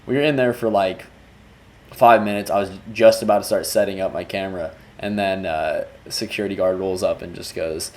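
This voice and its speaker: A music video director talks loosely through a breakdown of his work, restarting sentences as he goes, in casual commentary. His low-pitched voice is brisk and steady in tone, with a slightly mellow quality.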